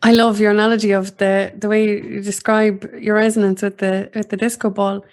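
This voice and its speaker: A woman hosting an interview, her voice held flat and level with little rise or fall. She speaks in a steady, measured way, pausing on fillers as she reads and responds. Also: medium pitch. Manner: steady, even delivery with frequent "um" fillers. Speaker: host. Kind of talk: interview, reading a post aloud.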